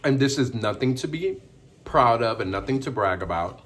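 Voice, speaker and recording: A man casually telling personal stories to the camera in a chatty, animated way. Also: mid-range voice, moderate pace. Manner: chatty, animated, with dramatic outbursts. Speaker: vlogger. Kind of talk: casual storytelling vlog.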